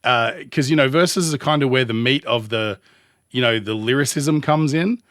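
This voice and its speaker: A man's voice: medium pitch, a bit bright, no room sound, studio quality. Australian man thinking aloud over music. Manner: rambling, thinking aloud while pausing the track. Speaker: music producer reacting to songs. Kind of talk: casual music reaction commentary.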